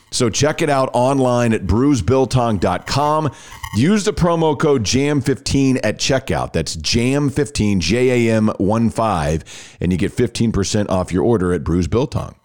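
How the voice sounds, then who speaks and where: Guy cohosting a sports podcast, voice jumps up and down a lot, keeps restarting his sentences. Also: mid-range voice. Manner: animated, repeats words when starting sentences. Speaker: podcast co-host. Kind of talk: casual sports talk and ad reads.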